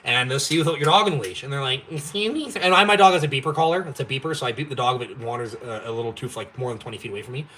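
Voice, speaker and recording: A man's voice: mid-range voice, very fast, few pauses, sharp tone, slight background noise. A young man from Canada hosting a live stream, ranting in a blunt, profane, fired-up way. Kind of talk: ranting casual chat.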